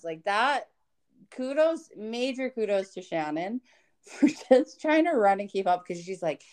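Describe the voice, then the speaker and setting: Her voice mid-range and a little slow, a woman recounts a trip to her mother in casual conversation as co-host and daughter. She animatedly quotes others in acted voices and breaks into frequent laughter.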